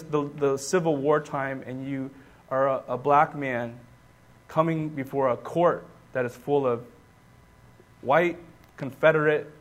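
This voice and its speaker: A man preaching a sermon as pastor, emphatic and repetitive, calling on the congregation to answer back. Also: fairly high pitch. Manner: emphatic, repeats key words, rising to loud bursts.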